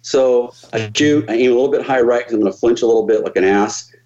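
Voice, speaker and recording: On a podcast, a guest with a mid-range voice rattles off stories at a fast clip, cursing freely and doing the voices of the people involved. The audio sounds dull.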